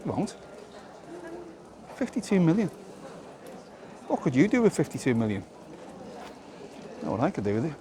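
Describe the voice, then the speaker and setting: A man's voice: a little high, very animated, moderate pace, long pauses, dark tone. A man vlogging outdoors on a town walk, rambling and opinionated, full of rhetorical questions. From Britain. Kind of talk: casual walking monologue. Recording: outdoor street noise.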